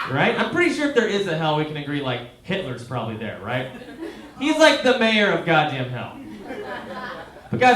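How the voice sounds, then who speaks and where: A man doing a stand-up comedy set in a small theater, talking to the crowd and asking them questions. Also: a little high. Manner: conversational, asks the crowd questions. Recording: roomy live theater recording with crowd. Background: audience laughing.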